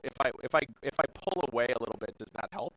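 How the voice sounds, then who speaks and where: A man's voice: mid-range voice, animated, quick pace, fairly bright tone, no echo, poor audio. Guy casting a game tourney live, talks a lot to fill the gaps, dry mic sound. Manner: chatty, filling dead air. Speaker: shoutcaster. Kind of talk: esports commentary.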